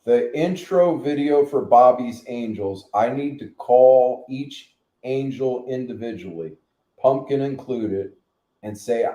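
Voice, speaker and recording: A man's voice: medium pitch, slow, mellow. A middle-aged man hosting a channel, ranting in a blunt, profane, rambling way. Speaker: channel host. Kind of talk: casual rant. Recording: echoey room.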